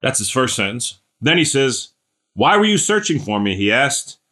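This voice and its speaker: A man preaching a relaxed, conversational sermon. He keeps checking in with the congregation and calls on listeners by name. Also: mid-range voice, normal speed. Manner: chatty, asks listeners questions by name; animated, acts out scripture characters. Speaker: pastor.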